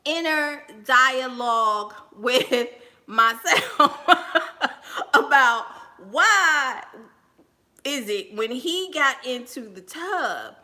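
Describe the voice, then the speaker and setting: High bright-voiced woman telling a story. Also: extremely slow. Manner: laughs often, animated and talking to viewers. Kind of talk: casual storytime livestream.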